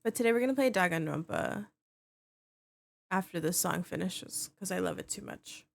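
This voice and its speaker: Bubbly woman streamer with vocal fry. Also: lowish voice, animated, normal speed. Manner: bubbly, greets chat by name, swears casually. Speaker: game streamer. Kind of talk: casual chat with viewers.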